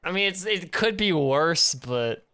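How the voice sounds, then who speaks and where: A man's voice: on the high side, lively intonation, a little slow, bright, forceful tone, clear, resonant tone, dry recording. A man casually commenting on a game as he plays, joking and swearing. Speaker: streamer. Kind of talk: gameplay commentary.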